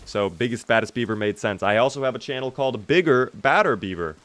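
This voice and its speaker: A man's voice: mid-range voice, animated, quick pace, a bit bright. A young man streaming a zombie survival game, chatting casually and reading out viewer questions to answer them. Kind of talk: casual gameplay commentary reading chat.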